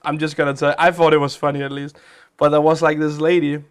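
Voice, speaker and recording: A man's voice: fairly high pitch, level tone, fast, clean tone. A man hosting a game live stream, chatting casually as he plays, with a chatty, rambling manner. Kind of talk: casual live-stream chat while playing games.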